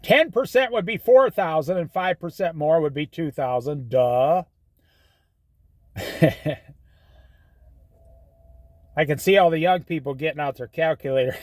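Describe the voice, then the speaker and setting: Host, middle-aged man, high bouncy voice, folksy sermonizing monologue, dry close sound. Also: lively intonation, a little slow, long pauses, dry recording. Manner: folksy, preachy advice with storytelling. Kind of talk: casual monologue.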